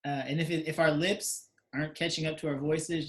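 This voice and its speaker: A man's voice: on the high side, fairly even intonation, normal speed. A man co-hosting a casual chat podcast over a remote video call, joking and bantering. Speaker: podcast co-host.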